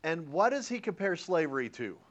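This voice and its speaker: A man's voice: on the high side, a little fast, lo-fi sound. A male history teacher lecturing a classroom, joking around and quizzing his students as he goes. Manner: animated, joking, and asks the class questions.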